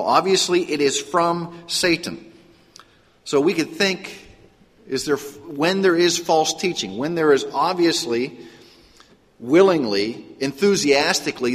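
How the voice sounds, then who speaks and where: A man preaching a sermon, often putting questions to the congregation and pausing for an answer. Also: fairly high pitch, a bit bright, breathy edge. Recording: echoey hall with long reverb.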